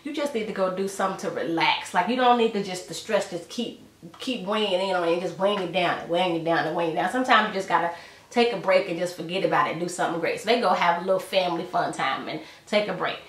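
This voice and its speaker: A woman's voice: lowish voice, fast, fairly bright tone, echoey room, distant mic. A woman giving a casual, slangy recap of a TV episode in a chatty retelling manner. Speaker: TV episode reviewer.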